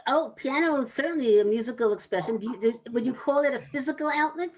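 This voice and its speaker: A woman giving a talk on anger management to an audience, explaining in a measured way with pauses and restarts. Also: high-pitched, low-quality recording.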